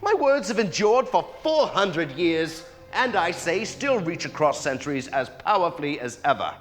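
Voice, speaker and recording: A grandiose playwright on trial declaims with fretful flourish, as a man plays him on stage. His voice sits high and leaps about. A long reverb trails every line through the theater. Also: sing-song, moderate pace, soft background music. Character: flustered aging male playwright on trial, grandiose. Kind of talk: live stage acting.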